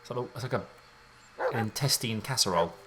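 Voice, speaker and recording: A man giving let's play commentary on a game, excitable and jumpy, thinking aloud in casual slang. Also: fairly low pitch, quick pace, noisy background. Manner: casual slangy talk, says mate and dude. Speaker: gaming YouTuber.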